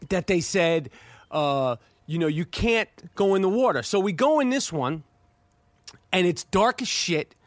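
High-voiced, profane New man. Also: dry recording. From New York. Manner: profane, excitable, stammering restarts. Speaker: podcast host. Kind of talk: casual storytelling.

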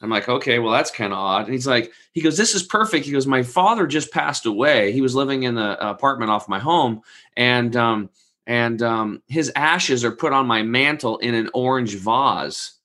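A man's voice: mid-range voice, normal speed, bright, forceful tone. A man in his forties telling a long personal story in casual conversation, acting out the people he quotes and swearing freely. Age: 40s. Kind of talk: casual podcast chat.

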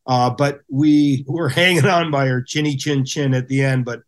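Man, middle-aged, podcast guest, casual storytelling, animated, acts out quotes, medium pitch. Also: normal speed. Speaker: podcast guest, former hockey goaltender.

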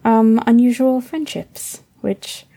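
A woman in casual podcast chat, calmly leading the recap of a TV episode. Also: on the high side, slow. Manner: relaxed, affectionate, leads the recap.

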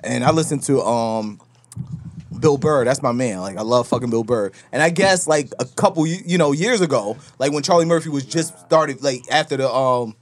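A man's voice: mid-range voice, moderate pace, slight background noise. A man in casual chat, telling a story and acting out quotes with frequent laughs.

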